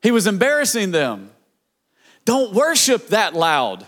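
A man preaching a sermon as pastor, with passionate, rhythmic repetition that swells into shouts. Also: sits high.

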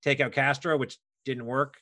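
A man's voice: medium pitch, fairly even intonation, moderate pace, bright, forceful tone. A man co-hosting a casual podcast, lecturing on history with jokes. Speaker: podcast co-host.

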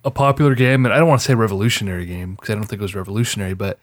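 A man's voice: on the low side, steady tone, rapid-fire, no echo. A tired man co-hosting a casual gaming podcast, grumbling and sarcastic, with the odd swear. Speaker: podcast co-host.

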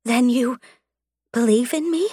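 A woman's voice: a little high, unhurried, warm tone, slightly rough, dry recording, clean studio sound, voice pushed up. A woman voicing a determined young female warrior, in a raised, pleading tone. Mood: tearful.

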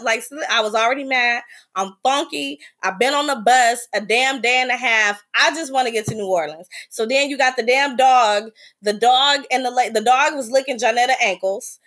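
A woman hosting a podcast, telling a travel story in a blunt, profane, animated way. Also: on the high side. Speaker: podcast host. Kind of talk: casual storytelling.

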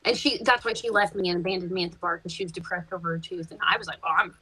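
A woman, a podcast guest, chatting casually and telling lively stories, swearing freely and laughing as she goes. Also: fairly low pitch, rapid-fire, slightly rough, no room sound, low-quality recording. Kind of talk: casual chat, storytelling.

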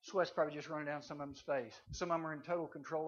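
Guy preaching to kids, folksy and animated, highish bright voice, slightly muffled. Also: very fast. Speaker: chapel speaker. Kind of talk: storytelling sermon to teens. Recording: slightly dull, faint hiss.

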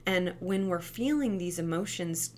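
A woman's voice: lowish voice, lively intonation, a little slow, darkish tone, slight background noise. A young woman talking earnestly about parenting as a mother, chatty and tagging her points with "right?". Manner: earnest, chatty, frequent "right?" tag questions. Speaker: mother sharing parenting advice. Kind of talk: casual monologue.

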